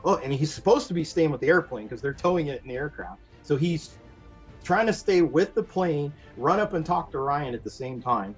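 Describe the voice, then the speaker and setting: A man guest on a podcast, telling a long story in an animated, rambling way full of fillers. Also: medium pitch, breathy edge. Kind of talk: casual anecdote telling. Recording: dull lo-fi podcast audio with faint music.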